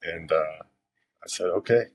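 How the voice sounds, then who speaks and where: A young man with a low, deep voice speaks casually as a podcast guest, rambling through his stories with frequent fillers and restarts. The recording is dry and close, with no room sound. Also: takes it slowly, breathy edge, dry recording. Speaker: professional pitcher, podcast guest. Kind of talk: casual interview storytelling.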